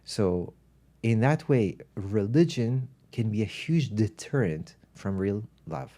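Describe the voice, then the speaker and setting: A man, a spiritual teacher, speaking in an animated, thoughtful way while telling stories in a podcast conversation. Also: on the low side, slow. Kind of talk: reflective storytelling in conversation.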